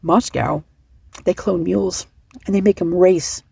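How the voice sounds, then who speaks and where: A woman's voice: fairly low pitch, steady tone, a little slow, vocal fry, warm tone, husky. A middle-aged woman giving rambling, emotional casual commentary, sleep-deprived and often restarting her sentences. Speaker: online commentator.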